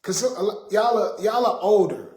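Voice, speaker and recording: A man's voice: sits high, normal speed, a little mellow. A man hosting a casual livestream, talking in an exasperated, preachy way to his viewers. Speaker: livestream host. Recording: roomy echo.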